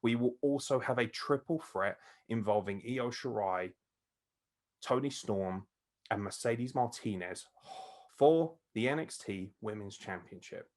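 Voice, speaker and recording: A man hosting a casual wrestling review, excitable, swearing freely and laughing often. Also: mid-range voice, measured pace. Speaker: podcast host.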